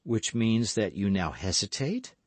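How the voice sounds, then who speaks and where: A man reading an audiobook voices a cold, scheming noblewoman who coaxes and commands, in a soft, measured way. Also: on the low side, big pitch swings, no room sound.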